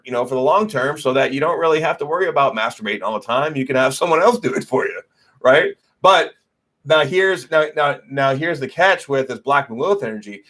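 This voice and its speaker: A man's voice: mid-range voice, a bit bright. A man hosting a casual astrology livestream, talking loosely with lots of swearing and fillers, and answering viewer comments as he goes. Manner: loose and profane, many fillers. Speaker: astrology host.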